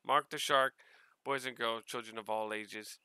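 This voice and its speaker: A man from Hawaii with a Hawaiian-tinged accent, casually unboxing mail on his vlog, excitable and quick to laugh. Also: medium pitch, clean tone, dry recording. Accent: Hawaiian Pidgin-tinged English. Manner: excitable, laughs often, repeats words. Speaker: vlogger.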